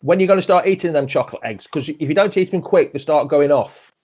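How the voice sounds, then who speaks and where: A man hosts a live football fan chat show, talking fast in a slightly high, darkish voice. Chatty and friendly, he tags questions onto many of his remarks.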